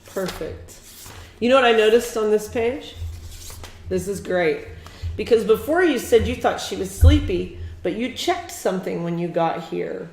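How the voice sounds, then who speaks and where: A woman's voice: mid-range voice, expressive, a little slow, gravelly. A woman teacher giving a one-on-one beginning reading lesson, patient and encouraging, with lots of praise. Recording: echoey room with faint noise.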